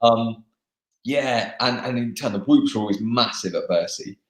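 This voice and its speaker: A young English man, a motocross racer, chatting casually in a live interview, laughing and pausing on fillers. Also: mid-range voice. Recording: echoey room.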